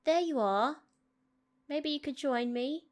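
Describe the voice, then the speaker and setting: A woman's voice: high voice, slow, a little mellow, voice pushed up. A woman voicing a lonely, polite antique female doll in a put-on accent. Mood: gentle.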